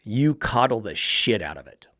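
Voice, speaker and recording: A man's voice: lowish voice, very animated, normal speed, a bit bright, no room sound, clean studio sound. A middle-aged man, a dog trainer giving a blunt, profane podcast monologue full of rhetorical questions.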